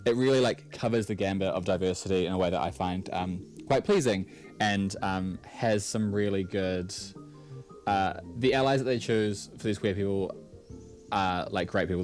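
A man's voice: deep voice, a little mellow. A man talks casually in a radio studio, filling his sentences with ums and uhs. Faint music plays underneath. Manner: chatty, many ums and uhs. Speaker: TV reviewer guest.

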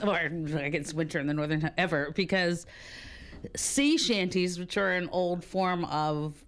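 A woman's voice: fairly low pitch, unhurried. A woman speaking as a music expert guest in a radio interview, chatty and enthusiastic, often laughing.

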